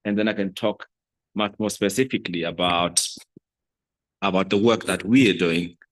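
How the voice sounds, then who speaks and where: A man from South Africa giving a conference keynote as a regulator, speaking in a measured, hesitant way with many fillers. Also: low voice, steady tone. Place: conference stage.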